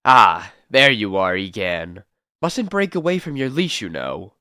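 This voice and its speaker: A man's voice: on the low side, very animated, a little slow, sharp tone, clear, resonant tone, dry recording, studio quality, exaggerated voice. Man doing a silky, sinister asylum doctor. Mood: sinister polite. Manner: silkily polite, veiled threats. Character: sinister male asylum doctor, smooth and menacing.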